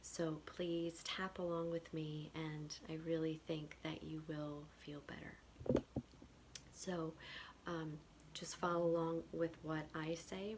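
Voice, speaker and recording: A woman guiding a tapping session in a whispered role-play, speaking slow phrases for the listener to repeat. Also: sits low, slight background noise. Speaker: EFT tapping guide.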